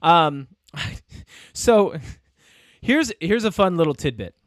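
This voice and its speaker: In a clean, dry studio recording, a man with a higher voice speaks slowly while co-hosting a podcast. He chats casually and tells stories with animated energy, laughing often and acting out the quotes.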